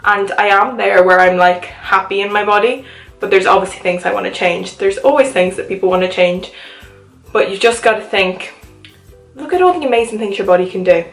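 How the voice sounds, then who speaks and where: A woman's voice: mid-range voice, brisk, roomy sound, soft background music, poor audio. Chatty young Irish woman. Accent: Irish, mixed with Liverpool and American. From Ireland. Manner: chatty, upbeat, lots of "like". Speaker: vlogger. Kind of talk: casual chat to camera. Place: her home.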